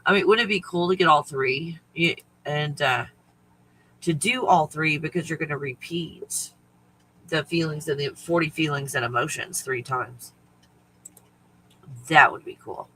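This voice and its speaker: A man's voice: fairly high pitch, moderate pace, sharp tone, slight background noise, poor audio. A man hosting a casual spiritual livestream, talking in a rambling, profane way and often laughing. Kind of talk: casual chat to viewers.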